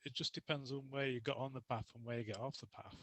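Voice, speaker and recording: A man's voice: medium pitch, fairly even intonation, fast, fairly bright tone, dry recording, low-quality recording. A young adult man chatting as a podcast guest, telling casual stories and laughing often. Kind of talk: casual interview chat.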